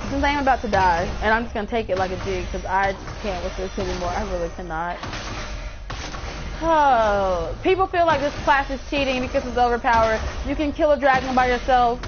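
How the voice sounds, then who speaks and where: A young woman streaming a game live, chatting with viewers, swearing and shrieking whenever she is in danger. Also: on the high side. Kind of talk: live gameplay commentary. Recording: dull lo-fi mic with audible noise.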